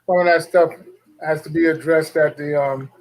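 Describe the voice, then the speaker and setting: A man talking as a guest on a casual talk show, making brief, measured remarks. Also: on the high side, steady tone, low-quality recording. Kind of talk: casual chat.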